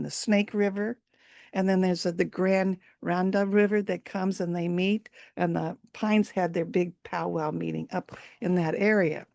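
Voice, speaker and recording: A woman telling a folk tale over a video call, in a halting, informal way. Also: mid-range voice, darkish tone, dry recording, clean studio sound. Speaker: storyteller.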